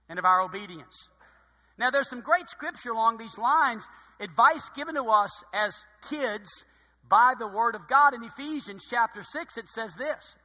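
A man preaching a sermon in church in a lively, joking way, acting out his mother's old sayings. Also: high voice. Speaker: pastor. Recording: long hall reverb.

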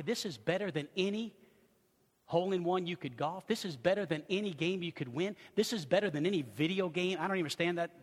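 An older man, a pastor, preaching a sermon and telling family stories with lively, acted-out moments. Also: sits high, long reverb tail. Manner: animated storytelling, acts out loud screams.

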